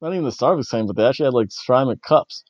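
A man's voice: mid-range voice, lively intonation, racing, dry recording, highs cut off. A man hosting a podcast, giving a casual, rambling recap of a wrestling show and chuckling often. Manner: rambling, chuckling, slightly awkward. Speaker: podcast host.

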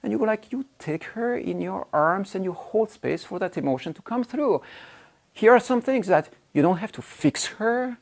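Animated male coach with lively pitch. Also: normal speed, gravelly. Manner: animated, acting out quoted speech with big swings of pitch; emphatic, repeats phrases for stress. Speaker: relationship coach. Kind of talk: direct-to-camera coaching talk.

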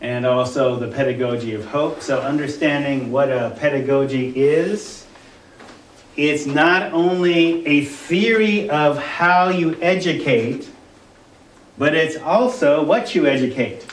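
A male college instructor giving a conversational classroom lecture, halting often with fillers and restarts. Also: a little high, a little hiss or hum. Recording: roomy classroom from a distant mic.

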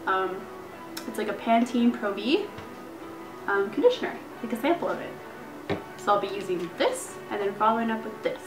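A young woman vlogger chatting casually as she unboxes beauty gifts, gushing and excited. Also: mid-range voice, moderate pace, long pauses. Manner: bubbly, gushing, lots of "like" and "so cool". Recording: echoey room with faint music.

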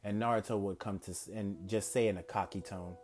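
A man's voice: lowish voice, steady tone, fairly quick, a little mellow. Rambling male fan-fiction storyteller. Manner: rambling, self-correcting. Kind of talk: casual improvised fan-fiction narration.

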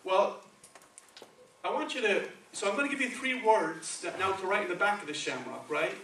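A man's voice: high voice, normal speed, a bit bright, a little hiss or hum. A man with a Spanish accent preaching a sermon in a conversational way, often checking in with the congregation with "okay" and "right". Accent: Spanish-accented English. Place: church sanctuary. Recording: echoey church, from far off.

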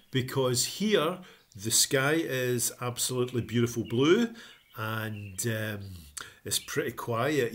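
A man talking casually to camera as a motivational vlogger, upbeat and encouraging, with frequent ums. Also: mid-range voice.

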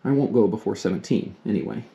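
A polite, bashful but good-humored teenage boy from a classic storybook, speaking pleasantly in a low, mellow voice, as a man reads him aloud. His manner is courteous and easy. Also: fast, gravelly.

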